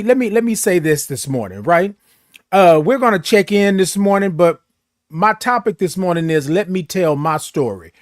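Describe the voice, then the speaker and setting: A man with a high-pitched voice hosts a morning live stream from his home studio, chatting casually and singing out long, exuberant greetings to viewers by name. The studio microphone picks up no room sound.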